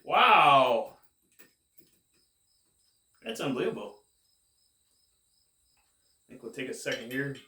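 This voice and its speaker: A man casually rambling to camera as a cannabis vlogger, laid-back and drawn-out, saying "man" a lot, high while he talks. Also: sing-song, echoey room, recorded from a distance. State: high, getting more stoned.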